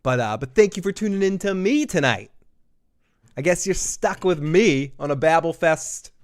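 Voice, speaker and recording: A man's voice: fairly high pitch, lively intonation, normal speed. A man hosting a live TV episode review, chatty and rambling, swearing freely and laughing often. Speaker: host of a TV review show.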